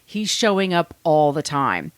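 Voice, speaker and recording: Chatty low-voiced woman podcaster. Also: measured pace, smooth, no echo. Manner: chatty, animated, acts out quotes, swears freely. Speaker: podcast host. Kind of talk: casual true-crime storytelling.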